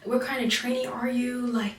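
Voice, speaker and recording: Woman acting out a shrill scolding drill instructor. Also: little pitch movement, normal speed, natural voice. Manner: yelling, accusing, repeating herself. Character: harsh female military drill instructor. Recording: roomy, distant mic.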